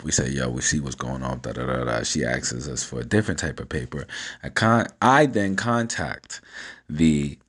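A man talking at home, telling a long story in a casual, slangy, profane way and acting out each person's lines. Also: rumbling low. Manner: animated, profane, slangy, acts out the dialogue.

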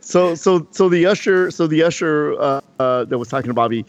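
A man's voice: a little high, lively intonation, brisk, no room sound, dull audio. A man, co-hosting a casual podcast and telling a long story with lots of restarts and fillers. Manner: rambling, many restarts and fillers. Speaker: podcast co-host.

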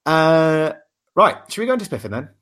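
Lively man, bouncy pitch. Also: fairly quick. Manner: lively, laughs often, steers the segments. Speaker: podcast co-host. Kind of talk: casual chat.

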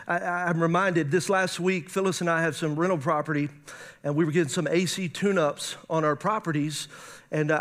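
A pastor delivers a lively sermon in a high, ringing voice. He keeps turning to his congregation with questions and talks with animated energy. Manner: animated preaching, asks the audience questions.

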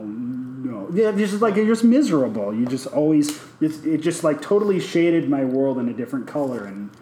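A young man telling a story casually in a group brainstorm, animated and laughing often as he acts out the people he quotes. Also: fairly high pitch, a little hiss or hum. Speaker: participant in a character brainstorm. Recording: echoey room with faint ambience.

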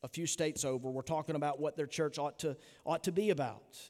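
A man's voice: on the high side, steady tone, fairly quick, a little mellow. Man preaching in an echoing church. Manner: earnest, emphatic preaching with rhetorical questions. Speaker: pastor. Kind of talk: sermon. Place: church sanctuary.

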